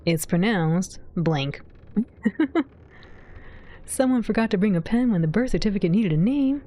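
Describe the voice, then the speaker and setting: Slow, mellow-voiced woman streamer chatting. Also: medium pitch, expressive. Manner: chatty, giggly, reading chat aloud. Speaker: livestreamer. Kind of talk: casual game commentary to chat.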